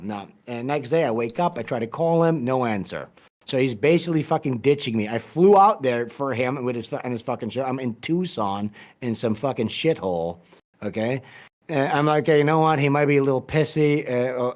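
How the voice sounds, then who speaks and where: Guest interview read, man, mid pitch, swears freely, rambles and restarts. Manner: profane, rambling, restarts and mumbles. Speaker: podcast guest. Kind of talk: casual storytelling interview.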